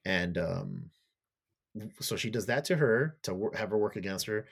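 Low-voiced man recapping a plot. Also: animated, moderate pace, breathy edge. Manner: loose, profane storytelling; acts out characters' lines in a raised voice. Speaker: podcast co-host. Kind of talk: casual chat retelling a show's plot.

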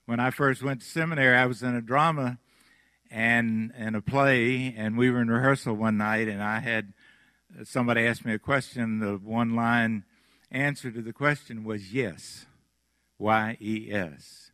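A pastor from Mississippi with a Southern accent, preaching a sermon with slow, emphatic phrasing, dramatic pauses and softly trailing endings. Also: male voice, medium pitch, fairly even intonation, no echo.

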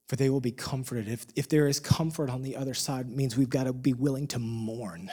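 A man's voice: medium pitch, brisk, husky. Impassioned male pastor preaching a sermon. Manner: impassioned, swinging between loud emphasis and hushed near-whispers.

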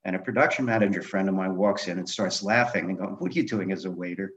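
A middle-aged man being interviewed, telling animated stories from his film career and acting out the dialogue. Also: sits low, fast talker. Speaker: guest, film director and memoir author. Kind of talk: conversational storytelling interview. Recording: dull lo-fi audio.

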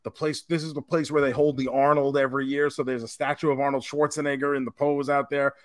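A man's voice: mid-range voice, level tone, fast, dry recording, clean studio sound. Casual storytelling podcast host, man. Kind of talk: casual chat.

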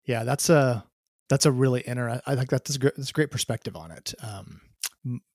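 A man's voice: mid-range voice, brisk, a little mellow, no room sound, clean studio sound. A middle-aged man, a father, chatting casually and agreeably, often affirming what the other says. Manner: agreeable, short affirmations, laughs easily. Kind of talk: casual conversation.

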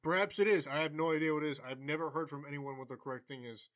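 Male podcast host, a bit higher register, loose rambling delivery, casual. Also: steady tone, racing, fairly bright tone. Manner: rambling, easygoing, filler-heavy. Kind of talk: casual chat, beer reviews.

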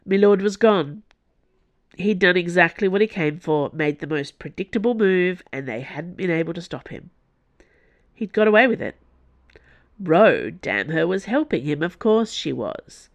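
A woman narrating an audiobook in a measured, even way. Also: lowish voice, dry recording, highs cut off. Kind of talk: scripted narration.

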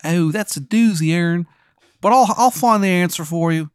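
A man voicing a chatty male spirit made of seasoning, in a deliberately bad Maryland accent. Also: high voice, smooth, no echo, studio quality, voice pushed up, lightly acted. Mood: obliging. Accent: bad Maryland accent, put on. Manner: chummy, rambling, calls people hun.

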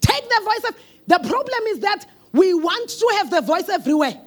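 High, fiery South African woman preaching. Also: big pitch swings, normal speed, faint music behind. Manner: shouted declarations, rhythmic chanting. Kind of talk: sermon.

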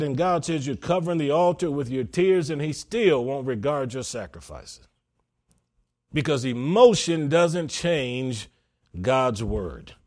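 A man's voice: on the high side, sing-song, unhurried. A man preaching a sermon as pastor, stressing his points by repeating them.

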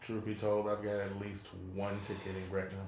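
A man's voice: lowish voice, monotone, normal speed, roomy sound, crowd noise. A man from Southeast Louisiana, chatting casually and laid-back on a podcast. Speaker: podcast co-host. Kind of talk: casual chat.

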